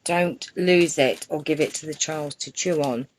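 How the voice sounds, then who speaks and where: A woman's voice: sits low, a little slow, slight background noise. Chatty woman on a craft live stream. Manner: chatty, greets viewers by name, gushes over gifts. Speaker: crafting channel host. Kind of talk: casual live-stream chat.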